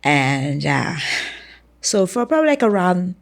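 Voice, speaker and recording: A Bahamian woman, a former track athlete, telling stories from her career in an interview, acting out the dialogue with animated energy. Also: lowish voice, unhurried, creaky. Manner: animated storyteller, acts out dialogue. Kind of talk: storytelling in a sit-down interview.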